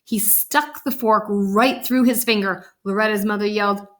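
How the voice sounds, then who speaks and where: A woman's voice: medium pitch, fairly even intonation, normal speed, a bit bright. A woman reading a children's picture book aloud, chatting about the pictures as she goes.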